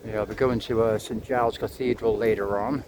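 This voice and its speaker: A man's voice: fairly low pitch, fairly even intonation, a little fast. A man, chatting and rambling as he walks for a travel vlog, a little out of breath, swearing and apologizing. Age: 50s. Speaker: travel vlogger. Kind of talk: casual walking vlog. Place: city streets outdoors. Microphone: clip-on mic to phone. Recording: outdoor street noise.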